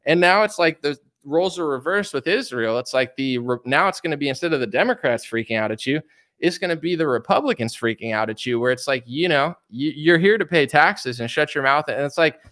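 An American man in casual commentary reacts to news and reads viewer comments aloud, rambling and repeating himself with lots of "likes" and "you knows." His voice is a little high, fairly bright, fairly quick, and lively in intonation.

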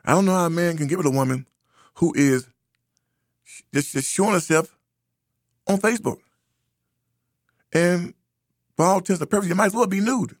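A man's voice: high-pitched, normal speed, long pauses, dry recording, clean studio sound. A man from the United States giving a preachy, emphatic commentary monologue, repeating phrases for effect. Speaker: social commentator.

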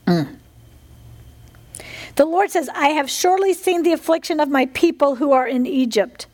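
A woman's voice: high-pitched, normal speed. A middle-aged woman preaching a fervent sermon, often asking her listeners for an "Amen". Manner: fervent, animated, asks the congregation "Amen?".

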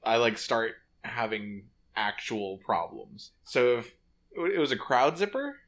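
A man's voice: medium pitch, sing-song, slow, a bit bright. A man co-hosting a comedy podcast, talking in a rambling, self-deprecating way and laughing often. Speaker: podcast co-host. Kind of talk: casual comedy chat.

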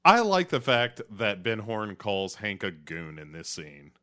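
A man's voice: on the low side, big pitch swings, a little slow, pushed and bright. A man co-hosting a podcast, recapping in a laid-back casual chat and dropping into playful silly voices. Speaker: podcast co-host.

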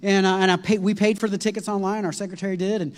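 A man preaching a sermon, telling a long story in an animated, rambling way with many fillers and restarts. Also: high voice, fast. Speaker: pastor. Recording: long hall reverb.

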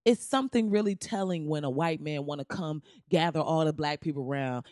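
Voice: mid-range voice, a little fast, few pauses, darkish tone, dry recording, clean studio sound. A podcast host giving blunt, profane, sarcastic commentary in a loose ranting style, laughing at their own jokes. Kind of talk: casual opinion commentary.

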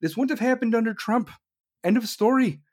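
A man's voice: very high voice, brisk, darkish tone. A man from the United States delivering an angry, profane political rant, swearing constantly and throwing in sarcastic mocking asides.

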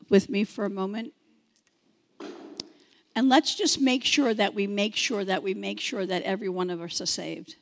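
A woman in her sixties giving an impassioned testimony sermon, swinging between shouted fervor and hushed intensity. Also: mid-range voice. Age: 60s.

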